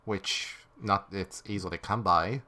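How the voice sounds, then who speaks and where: A man's voice: sits low, unhurried, bright, forceful tone. A man playing in a tabletop game, chatting and explaining his moves. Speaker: player. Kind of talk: casual tabletop role-play.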